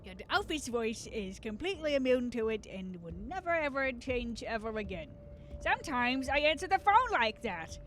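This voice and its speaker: With a sing-song, higher-pitched voice and a slightly bright tone, a young woman with a faint Southern US accent chats during her gaming stream, rambling, joking, and swearing freely. She keeps a moderate pace, and there's a little hiss or hum.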